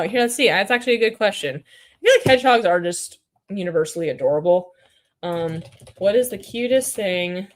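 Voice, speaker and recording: A woman's voice: mid-range voice, slight background noise. A woman hosting a casual livestream with puppets, chatting, reading comments aloud and muttering to herself while clicking around.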